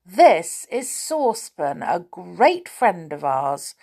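A friendly storybook boy, read by a woman, calm and patient as he explains. His voice stays unhurried, with a lively lift in the pitch. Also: gravelly, slightly rough, heavily acted.

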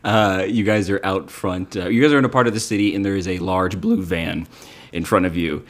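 A man narrating as game master in a tabletop game, rambling and halting. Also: low voice, fairly even intonation.

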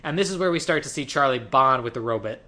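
A man casually retelling a movie plot to a co-host, animated and quoting the characters as he goes. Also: mid-range voice. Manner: animated storytelling, quoting characters in quick voices. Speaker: podcast co-host. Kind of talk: casual movie recap chat.

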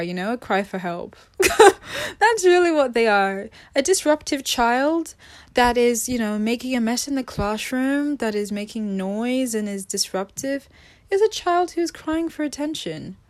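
A woman speaking in a casual, reflective monologue about emotional self-healing. She restarts her sentences often and sometimes drops to a near-whisper. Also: on the high side. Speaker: spiritual self-help speaker.

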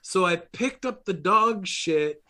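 A middle-aged man from Long Island tells stories in a loose, rambling way, full of "um" and "like" and restarts. His voice sits a touch on the high side. He talks like he's chatting across a table. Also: lively intonation, slow pace, sharp tone. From New York, Long Island. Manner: rambling anecdotes with many fillers and restarts, laughing through punchlines. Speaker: podcast host. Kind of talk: casual conversation.

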